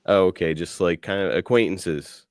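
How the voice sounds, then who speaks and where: A man's voice: low voice, normal speed, no room sound, studio quality. A man hosting a podcast, asking eager casual questions with swearing and laughs. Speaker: podcast host. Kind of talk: casual interview chat.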